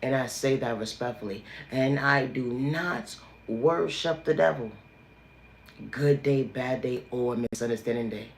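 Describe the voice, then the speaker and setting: A man's voice: mid-range voice, unhurried, reverberant, a little hiss or hum. Preachy man with emphatic refrains. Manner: repetitive, emphatic, sermon-like refrains. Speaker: livestream host. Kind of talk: preachy motivational monologue.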